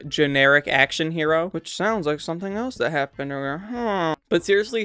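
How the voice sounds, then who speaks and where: A man's voice: a little high, fairly bright tone, clear, resonant tone, no room sound. A young man giving casual, blunt movie review commentary with a sarcastic edge.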